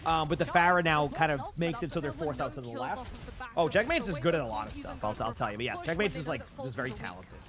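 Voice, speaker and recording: Fast-talking man in auctioneer-like patter. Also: on the high side, animated. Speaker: streamer co-casting a pro match. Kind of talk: live esports watch-along commentary.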